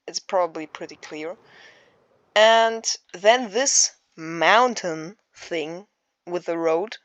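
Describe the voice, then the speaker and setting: Unhurried woman narrating a game map tour, hesitant and full of fillers, dry close sound. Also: lowish voice, no echo, lo-fi sound. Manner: halting, searches for words, many fillers. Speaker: Minecraft builder giving a map tour. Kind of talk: casual narrated build tour.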